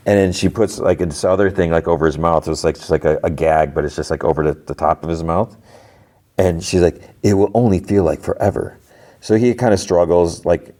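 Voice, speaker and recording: A man's voice: low voice, mellow. A man hosting a podcast, casually recapping a TV episode in a rambling way, full of "like" and acted-out quotes. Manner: rambling, filler-heavy retelling with quoted lines. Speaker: podcast host.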